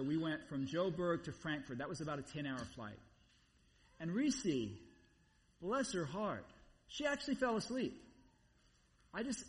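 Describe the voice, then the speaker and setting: A man preaching a sermon in a conversational, animated way, repeating phrases for emphasis. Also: a little high. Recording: long reverb, voice somewhat far from mic.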